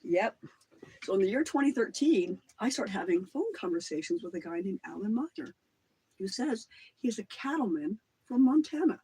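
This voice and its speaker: A middle-aged host talking through a casual livestream monologue. The voice is husky, and the pitch swings widely as the talk rambles from claim to claim with casual swearing. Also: lively intonation, normal speed, warm tone, poor audio.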